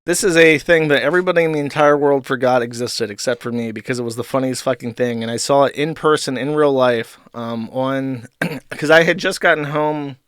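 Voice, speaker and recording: A man's voice: mid-range voice, a little fast, fairly bright tone, clear, resonant tone, dry recording. A man hosting a live stream, giving casual, rambling and profane commentary into a close microphone. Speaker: streamer host.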